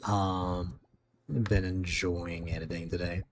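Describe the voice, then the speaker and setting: A man's voice: low voice, flat delivery, slow. A man streaming late at night, chatting casually with viewers, sleepy and rambling, losing his words.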